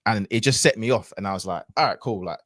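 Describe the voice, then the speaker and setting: A man speaks low and unhurried, working through a personal story with fillers and false starts. His voice is close and dry, with no room sound around it. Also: fairly bright tone, no echo. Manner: reflective, rambling with many fillers and restarts. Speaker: podcast guest. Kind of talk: casual storytelling chat.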